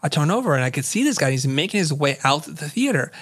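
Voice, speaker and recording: A middle-aged man, a guest in an interview, telling a story in an animated way and acting out the lines of the people in it. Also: fairly high pitch, quick pace, breathy edge. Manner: vivid storyteller who acts out quoted dialogue.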